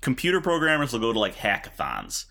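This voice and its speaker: A man's voice: mid-range voice, wildly swooping pitch, fast, vocal fry, pushed and bright. A man co-hosting a podcast, riffing in casual banter and rambling with fillers. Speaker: podcast co-host.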